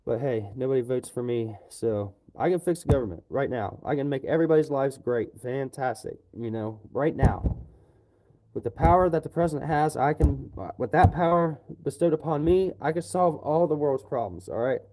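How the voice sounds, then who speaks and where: A man streaming live, holding forth on politics in a repetitive, profane rant. His voice sits at a middling pitch with a dark, mellow tone, and he keeps tacking on "you know" to his lines. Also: normal speed, a little hiss or hum, rough recording. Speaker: livestreamer. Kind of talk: angry political rant on a livestream.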